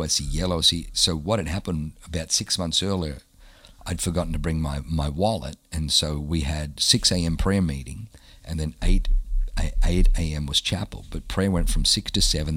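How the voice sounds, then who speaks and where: A man's voice: a bass voice, brisk, breathy edge, dry recording. A man, a pastor telling stories as a guest in an interview and acting out what other people said. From Australia. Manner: animated storyteller who acts out the quotes of others. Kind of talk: storytelling in a casual interview.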